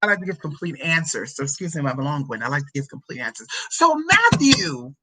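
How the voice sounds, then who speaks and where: A woman's voice: sits low, lively intonation, quick pace, pushed and bright, a little hiss or hum, rough recording. A woman talking casually to her viewers in a sassy, profane way, stopping to read scripture aloud. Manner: sassy, profane, chatty, drawls "honey" and "girl". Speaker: spiritual reader answering a viewer's question. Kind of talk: casual vlog with scripture reading.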